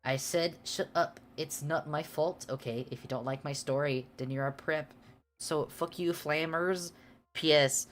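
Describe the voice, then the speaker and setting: A woman's voice: a bass voice, slight background noise. A woman doing a snippy teen fanfic author. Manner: petulant, snippy and dismissive.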